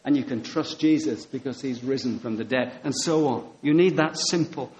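A man's voice: mid-range voice, moderate pace, slight background noise, poor audio. A man preaching a sermon, telling stories with quoted dialogue and repeating key phrases for emphasis. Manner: animated, storytelling with quoted dialogue.

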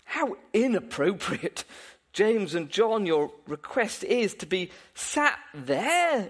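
A man preaching a sermon in a fairly high voice that swoops up and down with lively energy. He keeps asking the congregation questions, breaks into short chuckles, and restarts his phrases as he goes. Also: slow pace, slightly rough.

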